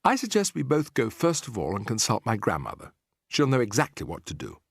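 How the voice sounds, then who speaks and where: A man's voice: mid-range voice, huge pitch swings, brisk, vocal fry, dry recording, studio quality, exaggerated voice. A man voicing a clever young boy who has been turned into a mouse and speaks earnestly and persuasively. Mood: urgent.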